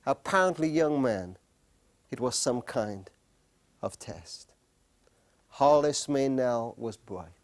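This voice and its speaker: A middle-aged man giving an earnest storytelling talk on marriage to a live studio audience, slowing down and pausing for emphasis. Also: medium pitch, lively intonation. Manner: earnest, with slow emphatic pauses. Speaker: speaker on marriage.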